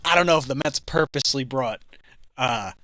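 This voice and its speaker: A man's voice: medium pitch, normal speed, bright, forceful tone, no room sound. A man co-hosting a radio show, teasing wryly in casual studio banter. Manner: wry, teasing, laughs often.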